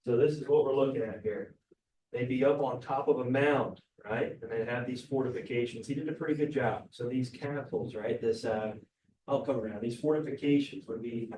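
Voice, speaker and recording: A man's voice: medium pitch, normal speed, darkish tone, a little hiss or hum. A male teacher giving a casual classroom lecture, often checking in with "right?". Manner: casual, keeps asking "right?". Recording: roomy classroom, mic far off.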